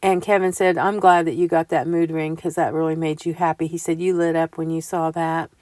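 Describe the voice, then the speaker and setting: An older woman telling homey stories in a chatty, casual voiceover, growing animated as she recounts things. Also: low voice, fairly quick, dry recording. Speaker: vlogger. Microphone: close mic voiceover.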